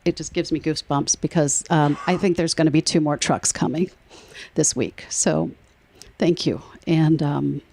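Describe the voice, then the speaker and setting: Low-voiced woman giving an emotional speech. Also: steady tone, moderate pace, creaky. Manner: emotional, warm storytelling with laughs. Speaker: nonprofit board treasurer. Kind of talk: speech at a public event.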